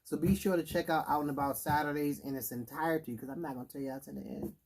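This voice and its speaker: A man's voice: on the high side, fairly even intonation, fast, creaky, darkish tone. A man co-hosting a casual chat, talking in a loose, rambling way with many fillers and restarts. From Washington, D.C. area. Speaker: podcast co-host.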